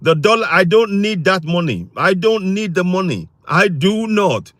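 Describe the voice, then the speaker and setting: Livestream host, man, high voice, dry close sound, insistent and repetitive. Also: animated, moderate pace, fairly bright tone, no room sound. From Africa. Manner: insistent, repetitive, reads and answers chat comments. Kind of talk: impassioned political livestream talk.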